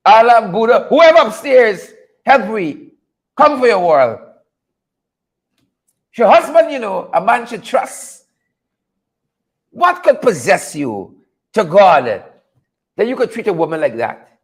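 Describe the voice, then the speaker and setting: A man's voice: very high voice, sing-song, unhurried, pauses often. A Guyanese man hosting a commentary show, preaching and exclaiming with heavy repetition for emphasis. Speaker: show host. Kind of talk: impassioned commentary.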